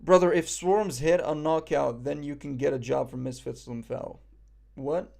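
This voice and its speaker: A man's voice: a little high, steady tone, a little slow, gravelly, a little mellow. A young man from Morocco chatting casually on a live stream, reading the chat and making self-mocking jokes. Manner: joking, self-mocking banter.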